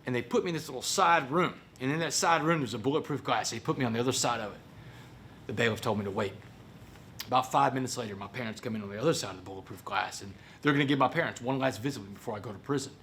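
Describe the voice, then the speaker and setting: A motivational speaker from Port Arthur, Texas, tells an audience his own story dramatically, acting out other people's voices. His mid-range voice comes rapid-fire with a fairly bright tone. There's slight background noise.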